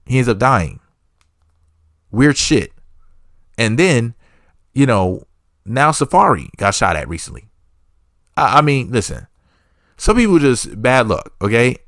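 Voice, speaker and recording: Brief: male entertainment reporter, medium pitch, dry sound, sarcastic gossip rambles full of fake disclaimers. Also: big pitch swings, unhurried, pauses often, a bit bright, dry recording. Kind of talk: gossip commentary.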